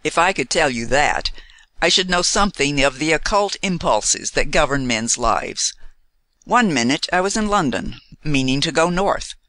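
Confident playful American man, read by an audiobook narrator; animated, close and dry. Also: mid-range voice, moderate pace, no echo. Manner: playful, self-assured. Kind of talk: audiobook dialogue reading.

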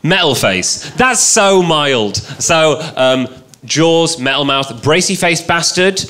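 A young British man performing a self-deprecating stand-up comedy set, telling stories in a dry, deadpan way before a live audience. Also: on the high side, slow. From Britain.

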